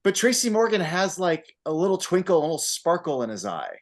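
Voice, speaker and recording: A man on a casual podcast, talking about a movie with animated energy and frequent swearing. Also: sits high, brisk. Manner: animated, acts out scenes with put-on voices and laughter; swears freely. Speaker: podcast co-host.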